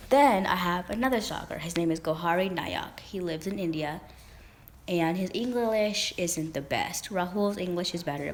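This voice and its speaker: A young woman chatting straight to camera in a loose storytime vlog, circling back and restarting her sentences. Her voice sits a little low for a woman. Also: slight background noise. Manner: rambling, with many fillers and restarts. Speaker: vlogger. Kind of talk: casual storytime chat.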